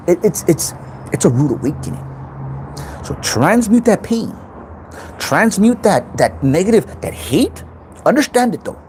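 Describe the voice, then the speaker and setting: A man's voice: fairly high pitch, dark tone, slight background noise, rough recording. A man hosting his own self-help channel, giving an intense, unscripted motivational talk in which he repeats points and swears freely.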